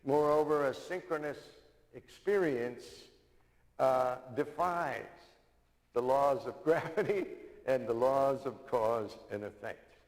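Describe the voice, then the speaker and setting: A man's voice: medium pitch, slow pace. Older male minister in a reverberant hall. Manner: storytelling, repeats key lines for emphasis. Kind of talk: sermon.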